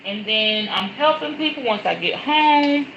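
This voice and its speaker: A woman's voice: on the high side, expressive, a little slow, muffled recording, noisy background. A middle-aged woman hosting a casual spiritual livestream from home. She chats directly to her viewers, repeats her words and keeps saying y'all. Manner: chatty, repeats words, often says y'all. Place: at home, in front of a decorated backdrop.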